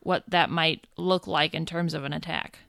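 A woman's voice: low voice, fairly even intonation, moderate pace, vocal fry, a bit bright, dry recording, studio quality. A woman narrating a tabletop game as game master, playful and upbeat.

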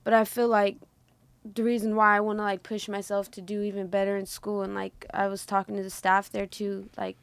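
A woman who is a student in a music program, speaking candidly and haltingly with many fillers. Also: medium pitch, level tone, vocal fry, clean tone, dry recording. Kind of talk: casual group conversation.

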